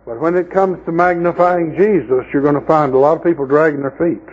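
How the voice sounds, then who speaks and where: A man's voice: a little high, a little fast, a little mellow, dull audio. A man preaching a sermon at a camp meeting, telling folksy stories and mocking the people he talks about. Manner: folksy storytelling preacher, mocking voices in quoted scenes.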